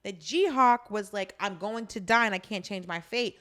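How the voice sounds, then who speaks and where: A woman co-hosting a podcast, recapping a drama in casual chat, blunt and animated, swearing freely. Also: mid-range voice, normal speed. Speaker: podcast co-host.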